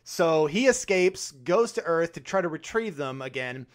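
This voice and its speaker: A man's voice: fairly high pitch, lively intonation, moderate pace. A man co-hosting a podcast, chatting casually about a film, laughing often and swearing freely. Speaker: podcast co-host. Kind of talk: casual chat.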